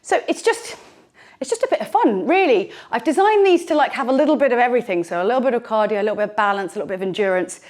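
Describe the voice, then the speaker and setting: A woman guides a bodyweight workout as a fitness instructor, talkative, encouraging and playful, slightly out of breath, using a clip-on mic on her t-shirt. She speaks very fast, with lively intonation and a fairly high, darkish voice.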